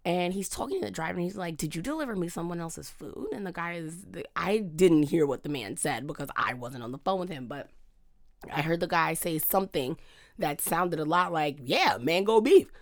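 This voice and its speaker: A woman with a notably low, deep voice tells a story in a relaxed podcast chat. She is animated and keeps slipping into quoted dialogue with a lot of "I'm just like.". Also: a little fast, vocal fry. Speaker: podcast co-host.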